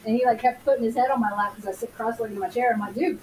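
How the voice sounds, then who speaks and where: A woman's voice: on the high side, fairly even intonation, rapid-fire, few pauses, mellow. A woman co-hosting a podcast, chatting casually and swearing freely as she tells stories. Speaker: podcast co-host. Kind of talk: casual chat. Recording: echoey room, faint background noise.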